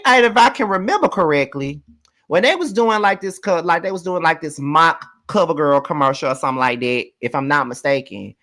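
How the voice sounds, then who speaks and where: A live review host from Mississippi with a Southern accent, talking bluntly with lots of swearing and drawn-out words. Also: medium pitch, fairly bright tone. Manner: blunt, profane, drawls words. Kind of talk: casual live commentary.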